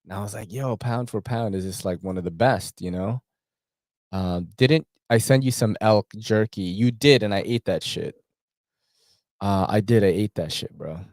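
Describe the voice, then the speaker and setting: A man's voice: on the low side, normal speed, darkish tone, dry recording, clean studio sound. A man hosting a casual livestream chat, slangy and full of fillers and swearing. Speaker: host.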